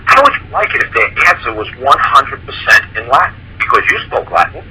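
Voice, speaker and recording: A man's voice: medium pitch, brisk, a little hiss or hum, low-quality recording. A man speaking casually on a talk show. He explains his points with animation, acting out the conversations he recalls and often repeating himself. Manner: animated, acts out quoted exchanges, repeats himself. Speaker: guest speaker on common law.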